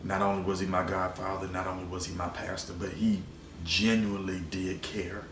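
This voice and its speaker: A man's voice: deep voice, flat delivery, normal speed. Emotional rambling man in echoey room. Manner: emotional, rambling, repeats words, swears. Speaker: show host. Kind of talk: personal storytelling vlog. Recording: roomy echo, faint background noise.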